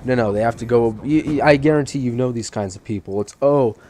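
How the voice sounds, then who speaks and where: A man's voice: mid-range voice, fast, a little mellow, slight background noise. A teenage boy giving casual gameplay commentary, rambling through fillers and restarts with an irritated edge. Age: teens. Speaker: channel host.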